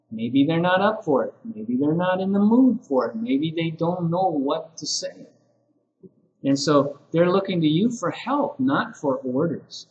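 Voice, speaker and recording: A man training ESL teachers in a recorded lesson, explaining patiently with many pauses. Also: on the high side, reverberant, rough recording.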